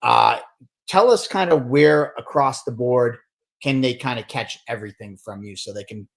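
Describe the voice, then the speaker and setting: A man's voice: medium pitch, moderate pace. A man who promotes fight events, hosting a casual podcast with earnest, repetitive talk and many restarts.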